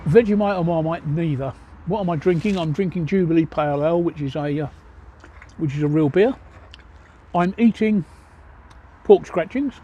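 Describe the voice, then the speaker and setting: A man's voice: fairly high pitch, normal speed, long pauses, dark tone, husky, dull audio. An older man, a grandfather, chatting bluntly as he answers viewer questions on a live stream from his phone. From England. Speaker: livestreamer. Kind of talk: casual live Q&A chat. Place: outdoors at a pub in a city.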